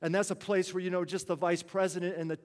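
A man's voice: high-pitched, flat delivery, quick pace, in a large hall. A man preaching a sermon, telling a story in an earnest, conversational way.

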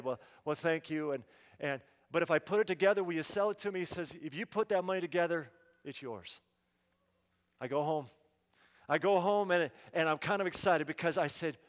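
A man preaching, telling a parable in the first person and acting out the dialogue with animation. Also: high voice. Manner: animated, acts out the story with quoted dialogue. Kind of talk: dramatic first-person sermon storytelling. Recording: long hall reverb.

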